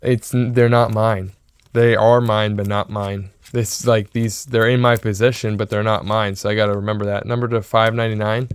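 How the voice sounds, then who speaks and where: Young male vlogger, early twenties, smooth clear voice, excitable and rambling, casual to-camera talk. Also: lowish voice, moderate pace, dry recording. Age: 20s. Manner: excitable, rambling, repeats himself. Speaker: sports card seller and vlogger.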